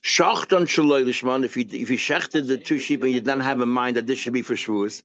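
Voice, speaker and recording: Teaching the day's Talmud page in a relaxed lecture, this rabbi speaks briskly in a medium-pitched male voice with a fairly bright tone, though the recording is muffled. He raises questions, answers them himself, and mixes Hebrew and Yiddish terms into his English.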